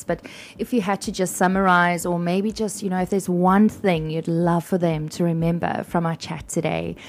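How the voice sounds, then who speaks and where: A woman's voice: on the low side, a little hiss or hum. A woman hosting a podcast interview, gushing with praise and laughing often. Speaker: podcast host. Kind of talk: casual interview chat.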